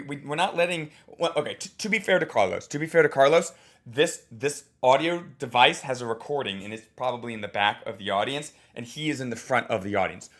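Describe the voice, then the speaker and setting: Animated, blunt male comedy coach. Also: medium pitch. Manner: animated, blunt, swears, acts out audience and comedian voices. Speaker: comedy teacher. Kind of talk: coaching critique of a recorded set.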